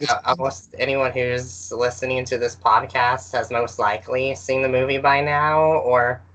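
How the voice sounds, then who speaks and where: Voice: medium pitch, flat delivery, measured pace, a bit bright, poor audio. A podcast cohost on an online call, hesitant with many fillers and some dry sarcasm. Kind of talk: casual podcast discussion over a call.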